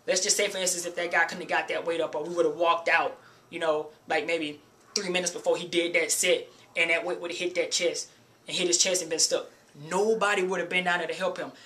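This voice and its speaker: Man, high voice, bright and sharp, casual gym vlog storytelling, keeps saying you know. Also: little pitch movement, fairly quick. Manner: earnest warning to beginners. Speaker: fitness vlogger.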